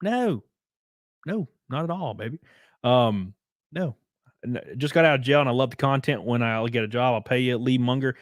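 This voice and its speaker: Male streamer, Southern rural drawl, relaxed and profane, mid-pitched, dry close sound. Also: moderate pace, no echo. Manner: laid-back, drawling, profane. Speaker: streamer reading super chats. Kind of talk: casual livestream chat.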